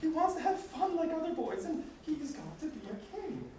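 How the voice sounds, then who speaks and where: Dreamy lovestruck young woman, played by a man: faraway, high, distant echoey mic. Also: sing-song, moderate pace, darkish tone, slight background noise.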